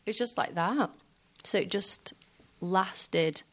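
A woman musician speaking softly and hesitantly in a reflective interview in front of a live audience, filling pauses with small filler phrases. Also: medium pitch. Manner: soft, hesitant, many fillers. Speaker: guest musician.

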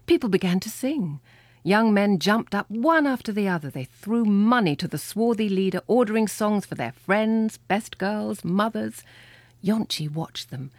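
A woman reading a children's storybook aloud with lively, expressive storytelling. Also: medium pitch, unhurried, dry recording. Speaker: reader. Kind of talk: storybook read-aloud narration.

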